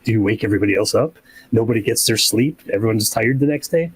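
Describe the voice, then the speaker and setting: A man who runs tabletop games, talking casually on a podcast in a relaxed, rambling way and acting out examples. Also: fairly low pitch, quick pace, slightly rough, dry recording, low-quality recording. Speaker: game master.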